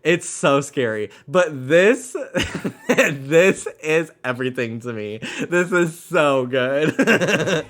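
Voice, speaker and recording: A man's voice: fairly high pitch, lively intonation, slow pace, fairly bright tone. A man streaming a video game, chatting casually with viewers, laughing often and swearing casually. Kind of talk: casual livestream chat.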